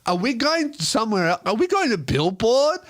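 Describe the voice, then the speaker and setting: A very drunk young woman, put on by a man telling a story, rambles through muddled questions in a raised, squeaky voice. She sounds giddy and lost, her words slurring together. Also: big pitch swings, normal speed. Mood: confused.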